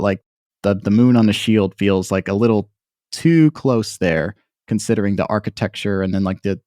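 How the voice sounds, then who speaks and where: Low-voiced rambling man, dry close mic. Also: darkish tone, no room sound. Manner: rambling, many fillers and restarts. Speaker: podcast host. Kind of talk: casual podcast discussion.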